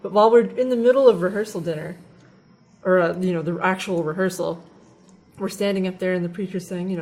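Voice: medium pitch, a little fast, low-quality recording. A co-host from the United States in a casual news chat, telling stories with an easy giggle. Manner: chatty storyteller, giggly. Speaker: podcast co-host.

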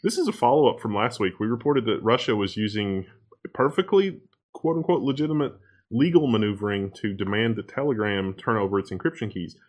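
A man co-hosting a podcast, reading out tech news in a casual, animated and exasperated way. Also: fairly low pitch, a little fast. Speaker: podcast co-host.

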